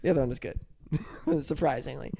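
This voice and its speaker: A man's voice: mid-range voice, brisk, gravelly, warm tone. A young man co-hosting a podcast, chatting casually and rambling with many restarts. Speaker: podcast co-host. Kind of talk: casual chat.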